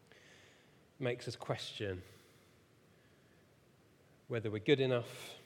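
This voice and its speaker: In a church hall full of echoey reverb and slight background noise, a lowish-voiced man in his thirties preaches. He tells a self-mocking story with animation, frequently laughing at his own shortcomings.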